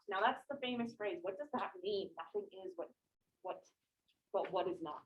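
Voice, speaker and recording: A woman teaching a high school English class, explaining casually with lots of "like" and questions to the students. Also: expressive, normal speed, low-quality recording. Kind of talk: classroom lecture.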